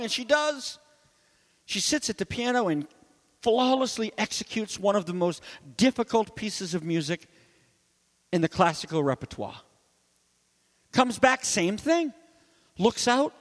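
A man pastor preaching emphatically, his high voice climbing on loud points and dropping low to quiet ones. His words ring with a long reverb in a church. The delivery stays forceful and personal throughout. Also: big pitch swings, measured pace, pauses often. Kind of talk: sermon.

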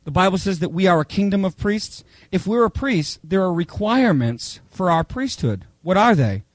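Male pastor, high voice, very expressive swings, dry close sound, chatty storytelling sermon. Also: normal speed, no echo. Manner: animated storyteller, chatty, checks in with "okay?". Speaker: pastor teaching a Bible study. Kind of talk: sermon with humorous personal stories.

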